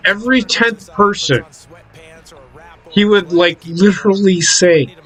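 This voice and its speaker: A man's voice: high voice, takes it slowly, a bit bright, poor audio. A young man chatting casually while gaming, telling profane stories and laughing often. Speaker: gaming streamer. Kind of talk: casual chat.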